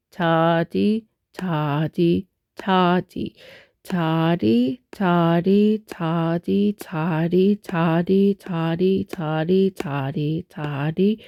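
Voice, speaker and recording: A woman's voice: mid-range voice, a little mellow, no echo, clean studio sound. A woman teaching music rhythm, patient and explanatory, with frequent fillers and restarts. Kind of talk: slow instructional explanation.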